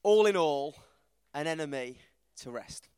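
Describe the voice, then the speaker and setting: A man, giving an informal, self-deprecating talk to a church group, animated as he tells stories. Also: on the high side, unhurried, smooth. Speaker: preacher. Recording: reverberant hall.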